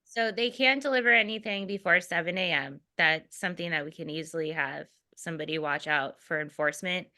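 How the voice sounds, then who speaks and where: Bright-voiced woman chairing a meeting. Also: lowish voice, brisk.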